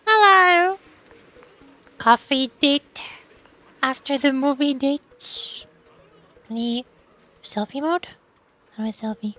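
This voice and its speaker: A tired woman streamer and voice actor chatting quietly and softly with frequent giggles. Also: a little high. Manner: quiet and soft-spoken, giggly. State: tired after hours of streaming. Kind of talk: casual gaming stream chat.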